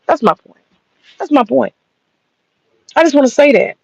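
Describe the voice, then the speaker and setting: A woman's voice: high voice, lively intonation, normal speed, vocal fry, breathy edge, no echo. A woman ranting bluntly and mockingly, profane and sassy. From American South. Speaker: commentator. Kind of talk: profane opinion rant. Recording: dull lo-fi dry sound.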